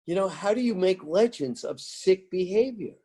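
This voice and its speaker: A man's voice: sits high, expressive, moderate pace, mellow, husky. An American man telling music-business stories in an interview, emphatic and rambling, repeating his phrases. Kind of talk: animated storytelling interview.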